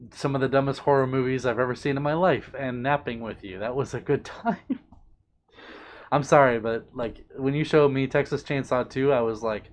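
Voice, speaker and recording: Reading chat messages out on his live stream, a man chats casually, sounding playful, doting, and bubbly as his pitch jumps around a lot.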